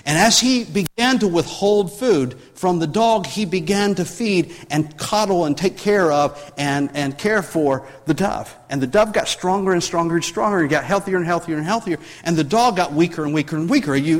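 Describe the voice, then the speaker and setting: A man preaches a sermon in a high, very animated voice, full of swoops. He tells his story with restarts and asides, then climbs in force as he drives his point home. The sound rings with a long reverb, like a church sanctuary. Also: normal speed, few pauses. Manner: rambling storytelling with many restarts, rising in force when preaching. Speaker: pastor.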